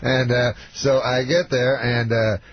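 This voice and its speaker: A man, a comedian guest on a radio show, telling a rambling anecdote in a deadpan way, halting with many fillers. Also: medium pitch. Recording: dull lo-fi radio broadcast with noise.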